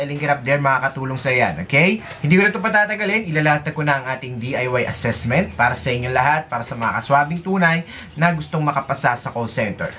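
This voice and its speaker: A young man with a Filipino accent talks applicants through test practice one step at a time. His voice is very bright and crisp, with a clear teaching rhythm. A faint hiss sits under the recording. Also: fairly high pitch. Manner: clear instructional delivery, mixing Tagalog and English. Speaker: call center coach. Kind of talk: tutorial narration.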